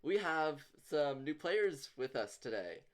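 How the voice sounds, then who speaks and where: A man's voice: on the high side, big pitch swings, measured pace, crowd noise. Laid-back man running a tabletop game. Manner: laid-back, rambling, chuckles often. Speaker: game master.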